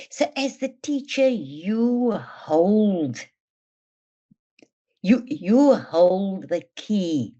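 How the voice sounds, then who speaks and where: A woman leads a teacher training webinar, speaking slowly and with deliberate emphasis. Her pitch rises and falls in a lively way as she reads aloud and explains. The audio is dull and lo-fi, as over an online call. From South Africa. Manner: slow, deliberate, emphatic delivery addressing teachers. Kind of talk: instructional webinar with read-aloud demonstration. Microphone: online webinar mic.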